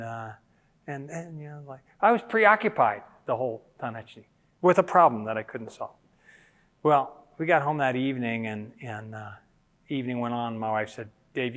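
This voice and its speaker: A man's voice: medium pitch, normal speed. Middle-aged guy preaching, tells stories and does little voices, big hall echo. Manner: personal stories, animated quoted voices. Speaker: speaker. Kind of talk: sermon-style teaching talk. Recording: long hall reverb.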